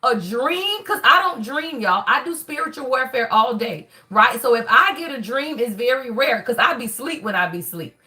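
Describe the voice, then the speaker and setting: High bright-voiced woman doing a live reading. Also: lively intonation, moderate pace, hardly any pauses. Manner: loose, profane, talks straight to viewers. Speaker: spiritual reader on a livestream.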